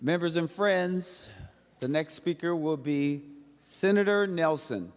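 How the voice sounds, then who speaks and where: A man presiding over a legislative chamber, making a slow, measured formal announcement. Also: a little high. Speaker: senate presiding officer. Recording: long reverb from off mic.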